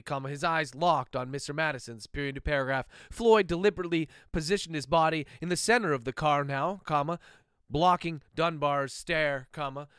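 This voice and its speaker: A man, an author, dictating his novel aloud in steady prose, speaking each punctuation mark as he goes. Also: fairly high pitch, clear, resonant tone, no echo, clean studio sound.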